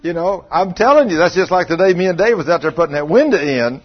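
A man's voice: a little high, expressive, quick pace, breathy edge, dull audio. A man preaching and telling chatty stories to his church, laughing often. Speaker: pastor. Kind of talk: folksy sermon storytelling.

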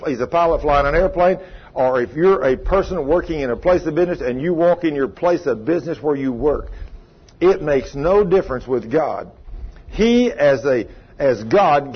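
A man's voice: on the high side, breathy edge. An older man, preaching a conversational sermon in a folksy, earnest way and often asking his listeners questions. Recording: dull lo-fi recording.

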